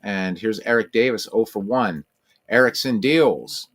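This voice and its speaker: Low-voiced man doing casual play-by-play. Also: measured pace, fairly bright tone. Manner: mock announcer calls, talks to his cats in a high, cooing voice. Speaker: host playing a tabletop baseball game.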